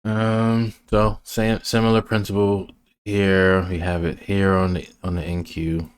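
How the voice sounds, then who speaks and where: A man's voice: low voice, little pitch movement, unhurried, smooth. A man casually walking through trading charts, rambling and restarting his sentences. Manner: rambling, restarts often, many fillers. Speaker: trading educator.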